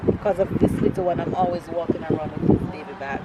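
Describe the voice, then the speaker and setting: A woman's voice: on the low side, fairly even intonation, fast, muffled recording. A young woman from Jamaica chatting casually to her vlog viewers and cooing at her baby. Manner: chatty, laughs often, coos at her baby. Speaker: vlogger. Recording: roomy echo, faint background noise.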